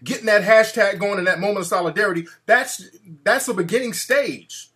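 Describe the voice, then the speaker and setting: A man's voice: high voice, fairly quick, bright, forceful tone. A male talk show host ranting in a brash, profane, mocking way.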